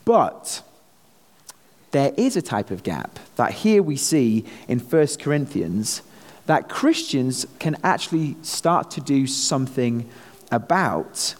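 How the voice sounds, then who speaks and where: A man's voice: mid-range voice, big pitch swings, slow pace, in a large hall. A man with a Manchester English accent, a visiting missionary pastor preaching a sermon with jokey asides. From England.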